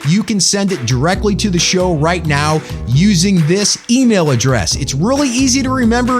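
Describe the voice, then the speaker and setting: A man's voice: high voice, expressive, moderate pace, few pauses, over music. A man hosting a religious podcast, talking in an emphatic, folksy storytelling way. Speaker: podcast host.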